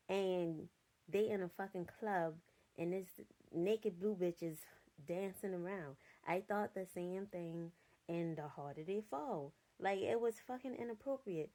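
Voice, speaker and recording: A woman's voice: fairly low pitch, warm tone. A young adult woman giving a casual, blunt and profane film review from her notes, sounding exasperated.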